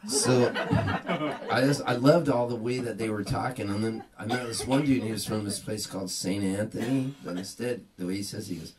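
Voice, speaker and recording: A man's voice: lowish voice, brisk, crowd noise. A man telling a rambling, chuckling story at a live gig, mimicking how locals talk. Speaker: singer-songwriter. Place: private party gig. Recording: distant live mic with loud guitar.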